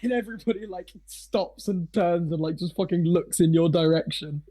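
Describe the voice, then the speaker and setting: Rambling, giggly high-voiced man narrating. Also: moderate pace, mellow. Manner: rambling, laughing, heavy filler and swearing. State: slightly hoarse. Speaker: game master. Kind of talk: narrating a tabletop game.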